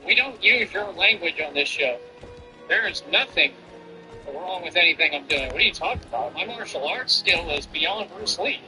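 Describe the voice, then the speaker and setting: A man's voice: high voice, lively intonation, normal speed, sharp tone, soft background music, rough recording. A man streamer ranting defiantly and boastfully over his gameplay. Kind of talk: livestream rant over gameplay.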